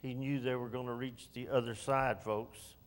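A man's voice: mid-range voice, little pitch movement, moderate pace. A man preaching a sermon in a church, emphatic and repeating key phrases. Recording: long reverb of a church hall.

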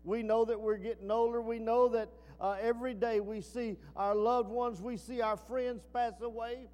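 A man preaching a sermon, swinging from emphatic peaks down to low, quiet asides. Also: little pitch movement, normal speed. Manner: rising to emphatic peaks then dropping low. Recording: long reverb.

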